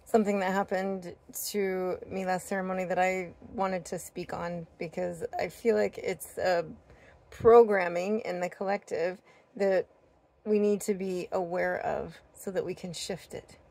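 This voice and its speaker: A woman vlogger sharing a heartfelt spiritual talk, earnest and gentle, with many fillers and restarts. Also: on the low side, fairly even intonation, measured pace, gravelly, dry recording. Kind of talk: heartfelt personal talk to camera.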